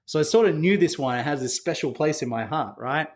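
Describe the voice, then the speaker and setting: A man's voice: a little high, brisk. A man who runs a winery, a guest on an interview podcast, telling casual stories full of fillers and acted-out dialogue. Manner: anecdotal, acts out quoted dialogue with filler words.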